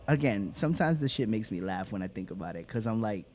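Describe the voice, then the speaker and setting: Man streaming a game, casual rambling chat with lots of laughs, lively swinging pitch. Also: brisk, slight background noise. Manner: laughs often, rambling and animated. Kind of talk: casual chat while gaming.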